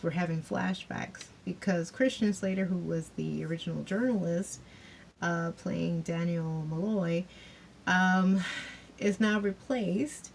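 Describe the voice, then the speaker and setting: A woman talks through a TV series review in a loose, chatty way, filling her sentences with asides and little fillers. Her voice sits fairly low and has a gravelly, creaky texture. Faint background noise runs underneath. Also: darkish tone. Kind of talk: casual review chat.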